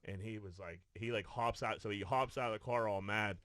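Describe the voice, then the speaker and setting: Bright-voiced man telling a rowdy story. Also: on the low side, brisk, no echo. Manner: profane storyteller, many restarts, acts out quotes. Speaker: podcast co-host. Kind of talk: casual chat. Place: podcast studio.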